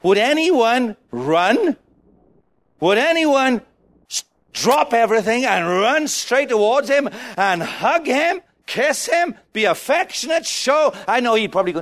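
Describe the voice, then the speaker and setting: A man preaching a sermon, urging the congregation to shout back, with a playful manner and little acted-out scenes. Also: extremely high pitch, very animated, unhurried. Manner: exhorting, calls on the congregation to shout.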